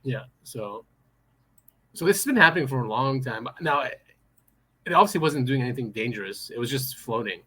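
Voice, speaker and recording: A man hosts a podcast in easygoing conversation. He sounds excitable and breaks into laughs often. His voice is bright and forceful. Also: medium pitch, fairly quick, pauses often, breathy edge. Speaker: podcast host. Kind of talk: casual chat.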